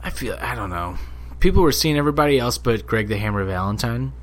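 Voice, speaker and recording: A young man co-hosting a podcast, telling stories in casual chat, animated and profane. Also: medium pitch, quick pace. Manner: animated, profane, acts out quotes in a loud snarl. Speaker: podcast co-host.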